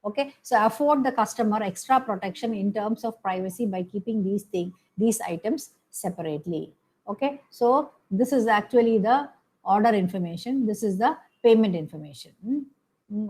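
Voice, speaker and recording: Woman lecturing with halting fillers. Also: mid-range voice, mellow, breathy edge, low-quality recording. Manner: explains step by step, frequent "okay" and "hmm" fillers, self-corrections. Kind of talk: recorded classroom lecture.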